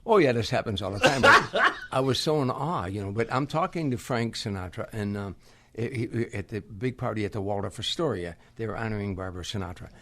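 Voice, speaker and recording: A man's voice: on the low side, a little fast, few pauses. Older man telling comic stories. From Harvey, Illinois. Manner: animated anecdotes, acts out quoted voices. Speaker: guest comedian. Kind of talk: storytelling in a podcast interview.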